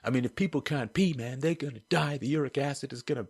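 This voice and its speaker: A man's voice: mid-range voice, fast talker, breathy edge, voice pushed up. A man voicing an indignant guy who argues he should be allowed to pee in a pool, with a whiny, escalating protest.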